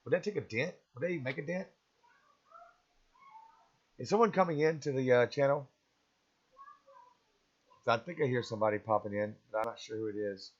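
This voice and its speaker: A man's voice: mid-range voice, a little fast, pauses often. Man, stream host, rambling opinionated chat, slightly muffled lo-fi audio. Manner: rambling, opinionated, chuckles often. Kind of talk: casual live-stream chat.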